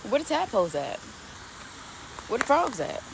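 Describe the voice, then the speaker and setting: A woman's voice: fairly high pitch, sing-song, moderate pace. A woman vlogging casually while hiking an outdoor trail, talking into a phone held at arm's length in a rambling, chatty way full of fillers and laughs. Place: outdoor nature trail near a pond. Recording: outdoor ambience with clear background noise.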